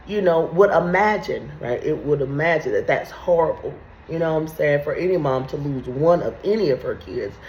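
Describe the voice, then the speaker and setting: A woman's voice: lowish voice, a little mellow. A woman hosting a video, riffing on scripture in crude comedic commentary and laughing often through her words. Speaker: video host. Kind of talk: profane comedic Bible commentary. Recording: roomy echo.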